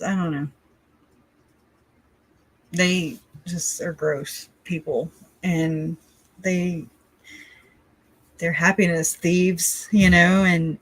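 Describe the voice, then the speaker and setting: A woman's voice: lowish voice, dry recording. A woman from the Southern United States hosting a casual livestream, rambling and chatty, often laughing between her thoughts. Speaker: livestream host.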